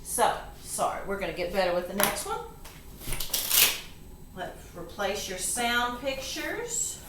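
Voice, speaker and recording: A woman's voice: medium pitch, very animated, takes it slowly. Patient woman tutor sounding out syllables. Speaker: reading tutor. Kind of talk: step-by-step phonics lesson. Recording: echoey room, distant mic, faint hiss.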